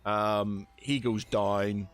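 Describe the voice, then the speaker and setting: Man running a tabletop game, low and slow, stumbling through fillers, faint music behind. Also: little pitch movement. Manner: hesitant, many fillers and restarts. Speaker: game master.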